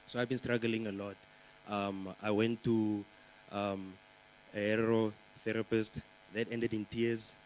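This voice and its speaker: A young Namibian man with a lowish, fairly flat voice does a rambling stand-up set on a conference stage, teasing the live audience in an unhurried, chatty way full of fillers. The audio is poor, with a little hiss or hum.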